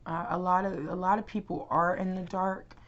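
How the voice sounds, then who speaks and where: Young woman, tarot vlogger, deep register, loose filler-heavy delivery, muffled home audio. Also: flat delivery, moderate pace. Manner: rambling, many fillers and restarts. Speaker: tarot reader. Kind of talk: casual tarot reading to camera.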